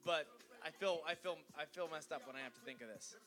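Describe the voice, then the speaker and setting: A man's voice: on the high side, fairly quick. A man hosting a live comedy competition, crude, loose and teasing.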